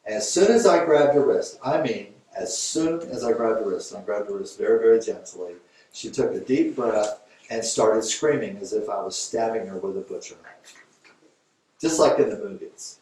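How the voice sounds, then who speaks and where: A man's voice: on the low side, moderate pace, mellow, heavy reverb. A man teaching a yoga class, telling a case story in a conversational, storytelling manner, recorded from a distance in a large room. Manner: conversational, storytelling, fillers and restarts. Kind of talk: informal lecture with a case story.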